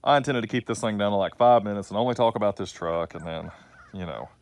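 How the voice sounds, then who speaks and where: Middle-aged man, low voice, folksy and rambling, dry recording. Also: fast, no echo. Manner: folksy, rambling, self-deprecating. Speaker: trucking business owner vlogger. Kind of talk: rambling casual vlog. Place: outdoors.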